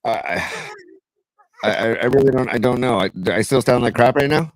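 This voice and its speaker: A man's voice: medium pitch, fairly quick, no room sound. A man co-hosting a livestream podcast, talking in an easygoing, buddy-buddy way over a streaming call with headphones on. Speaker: podcast co-host. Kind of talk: casual livestream chat.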